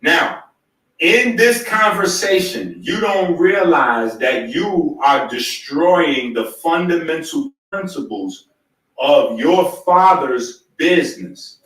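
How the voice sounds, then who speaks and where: Insistent man lecturing slowly and deliberately. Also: fairly high pitch, expressive, a bit bright, heavy reverb, recorded from a distance, poor audio. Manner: insistent, keeps cutting in to demand to be heard. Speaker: host. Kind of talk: heated argument, then lecturing.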